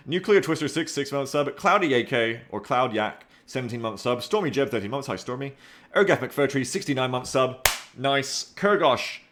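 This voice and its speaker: A man talks loosely on his live stream in a bright, forward voice. He rambles, mocks himself and reads off viewer names one after another. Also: mid-range voice. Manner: rambling, self-mocking, reads chat aloud. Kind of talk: casual live-stream chat.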